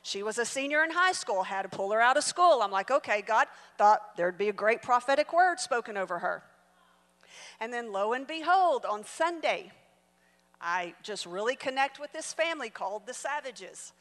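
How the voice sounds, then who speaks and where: A woman in her forties delivering a storytelling sermon as a guest preacher, her voice sitting somewhat high. She moves between hushed confiding asides and loud, excited bursts. The sound carries a long reverb from a large hall. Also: moderate pace. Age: 40s. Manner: animated, swinging from soft asides to loud exclamations. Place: church auditorium.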